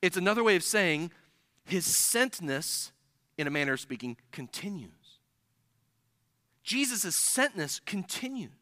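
A man's voice: high-pitched, big pitch swings, measured pace, long pauses, pushed and bright, no echo, clean studio sound. A man preaching a sermon in church, earnest and building to emphatic points.

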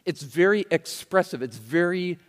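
A man preaching with a lively, swooping pitch that climbs high when he acts out attitudes. His voice sits a little high for a man and rings with the long reverb of a hall. He mixes teaching with chatty asides. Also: moderate pace. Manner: expressive, acts out quoted attitudes, conversational asides. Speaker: pastor. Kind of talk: sermon.

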